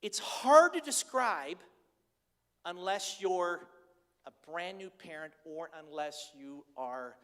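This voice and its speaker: Older pastor, chatty and candid. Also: male voice, high voice, slow pace, smooth. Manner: candid, chatty, animated storytelling. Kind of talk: conversational sermon. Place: church sanctuary. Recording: reverberant church hall.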